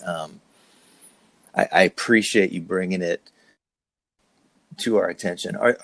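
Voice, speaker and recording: A man, a pastor and host from New Jersey, talking in a casual church conversation with many restarts and soft laughs. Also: deep voice, no room sound.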